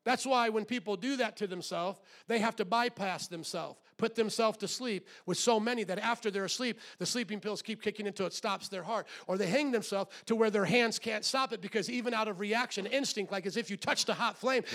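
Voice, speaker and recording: A middle-aged man preaching a sermon in a church, swinging from hushed, low delivery to loud shouted exhortation and asking the congregation questions. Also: brisk, gravelly. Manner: acts out quoted voices, asks the congregation questions. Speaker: pastor.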